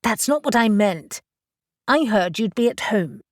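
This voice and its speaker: A woman's voice: a little high, lively intonation, unhurried, dry recording, studio quality, voice pushed up. A woman voicing a prickly, defiant woman executive in an audiobook, with a biting manner. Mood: cold.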